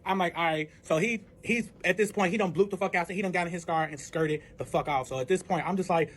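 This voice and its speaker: A man with a high, light voice rattles through a casual storytime at a brisk clip. He swears freely, leans hard on filler words and plays out both sides of every exchange himself. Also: fairly bright tone. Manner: profane, with heavy filler words; acts out both sides of the dialogue.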